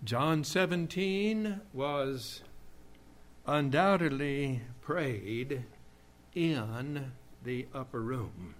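A man preaching a sermon, reading scripture in old-fashioned wording and rising from quiet passages to fervent shouting. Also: mid-range voice, extremely slow. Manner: King James scripture reading, builds to shouting.

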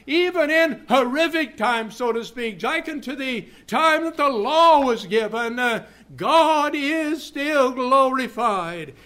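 Preaching a sermon, a man reads scripture in King James wording, climbing from quiet passages to fervent shouting. His voice is pitched extremely high.

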